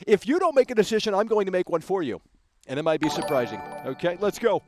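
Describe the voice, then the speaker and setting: A man hosting a gaming livestream, ranting in a brash, combative way that swings into loud outbursts on a close mic. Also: high voice, lively intonation, fast talker, faint music behind.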